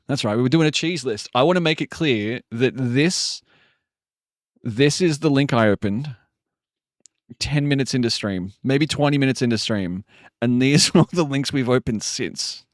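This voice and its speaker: A man's voice: mid-range voice, moderate pace, no room sound, studio quality. A man chatting casually on a live stream, rambling and joking, with frequent swearing. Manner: rambling, jokey, swears often.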